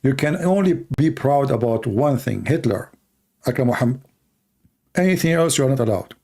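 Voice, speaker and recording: A man's voice: medium pitch, expressive, normal speed, creaky, dark tone, breathy edge. A man whose first language is Arabic, hosting a live stream and answering viewer questions bluntly and emphatically, often repeating himself. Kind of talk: casual live-stream talk.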